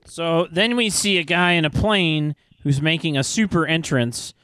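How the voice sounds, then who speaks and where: A man's voice: on the high side, normal speed, fairly bright tone, clear, resonant tone. A man co-hosting a casual movie podcast, joking along with the others. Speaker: podcast co-host.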